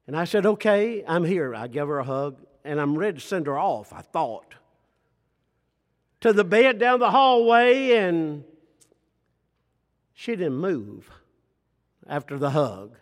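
An older man preaching a sermon, slow and emphatic, dropping to soft near-whispers and asking the congregation rhetorical questions. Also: fairly high pitch, sing-song. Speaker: pastor. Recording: reverberant hall.

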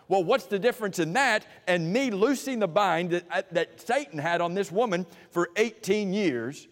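Animated preacher man in a reverberant hall. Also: high-pitched, moderate pace. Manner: animated, rising to emphatic peaks and dropping to quiet asides. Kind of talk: sermon.

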